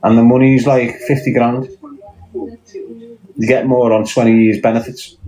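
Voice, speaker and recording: A man's voice: medium pitch, very animated, unhurried, dark tone, rough recording. A Scouse man talking bluntly in casual chat, swearing often and firing off rhetorical questions. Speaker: podcast guest.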